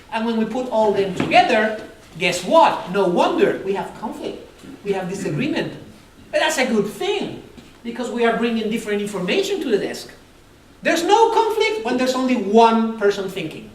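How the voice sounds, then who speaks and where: A conference speaker giving a live talk to an audience, animated and acting out quoted dialogue with humor. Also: medium pitch. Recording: roomy, distant hall recording with faint noise.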